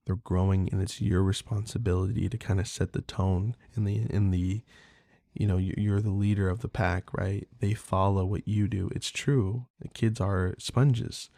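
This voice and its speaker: A man's voice: fairly low pitch, creaky, mellow, no echo, clean studio sound. A man hosting a podcast in a casual, candid monologue, swearing freely and talking loosely. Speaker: podcast host.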